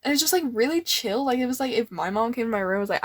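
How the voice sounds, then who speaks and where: A woman's voice: a little high, quick pace, no echo. Rambling young woman, dry close sound. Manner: nervous rambling, lots of fillers. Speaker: artist showing old sketchbooks. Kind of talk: casual rambling chat.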